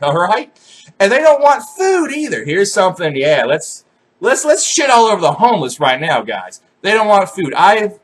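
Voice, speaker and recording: Husky young man ranting with lively swings. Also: on the high side. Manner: swearing, animated, self-mocking. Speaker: vlogger. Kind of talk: profane comedic rant to camera.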